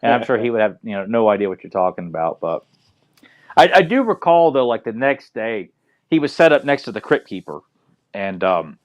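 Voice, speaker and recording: A man's voice: fairly low pitch, big pitch swings, fairly quick, highs cut off. A man co-hosting a casual podcast chat, telling a rambling, profane story with stammers and restarts. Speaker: podcast co-host.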